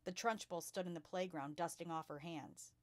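A woman reading a children's novel aloud with lively expression as a storytime host. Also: lowish voice, moderate pace, no room sound. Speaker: storytime reader.

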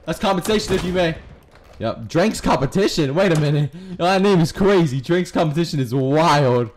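Excitable, swearing gamer guy, lively voice. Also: on the high side, a little fast. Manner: profane, excitable, swings into yelling. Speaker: gaming streamer. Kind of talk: casual gameplay commentary. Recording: noisy game audio behind.

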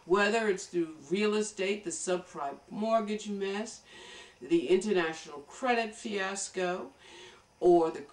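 A woman's voice: mid-range voice, slow, recorded from a distance. Emphatic woman lecturing in a roomy echo. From United States. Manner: emphatic, lecturing, addresses viewers directly. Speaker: political commentator. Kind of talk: political commentary monologue.

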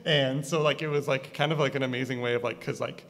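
A man from Connecticut with an East Coast accent, a filmmaker talking casually about his film, halting, with many fillers. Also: medium pitch, fairly even intonation, fairly bright tone. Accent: East Coast American. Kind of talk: casual conversation at a screening. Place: art gallery. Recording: reverberant gallery space.

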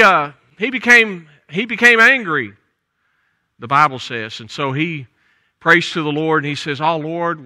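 A man's voice: fairly high pitch, dry recording. An older man with a Southern US accent preaching a folksy, conversational sermon in church. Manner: folksy, conversational preaching with soft trailing endings. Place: church sanctuary.

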